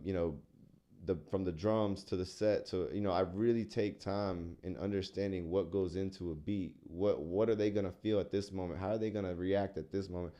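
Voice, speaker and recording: A young man from San Antonio with a very deep, low voice speaks as a guest musician. He talks in an earnest, reflective way, often pausing on fillers as he explains his craft. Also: mellow. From San Antonio, Texas. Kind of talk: casual interview chat.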